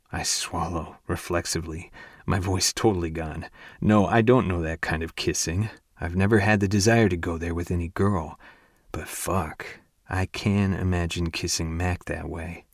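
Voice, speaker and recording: A man narrating a first-person romance audiobook in an intimate, hushed and breathy way. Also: low-pitched, no room sound, clean studio sound.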